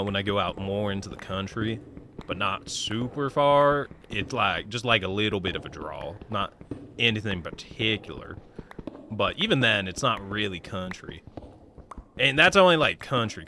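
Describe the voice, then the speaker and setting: A man's voice: deep voice, sharp tone, a little hiss or hum. A young man from Nebraska streaming a game, rambling casually and answering chat as he plays. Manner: rambling, chatty, reads chat aloud. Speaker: livestreamer. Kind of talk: casual chat while gaming.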